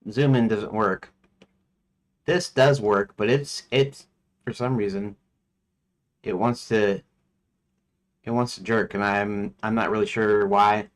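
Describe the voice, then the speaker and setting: A man with a fairly low voice talks his way through his own work on a live dev stream. He rambles, thinks aloud and talks to himself as he goes, in a casual, unhurried way. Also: fairly even intonation. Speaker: indie game developer livestreaming.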